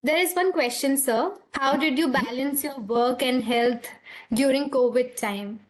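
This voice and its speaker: High-voiced deferential woman host. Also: measured pace. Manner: deferential, hesitant, many fillers. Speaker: interviewer and host. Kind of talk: polite formal interviewing.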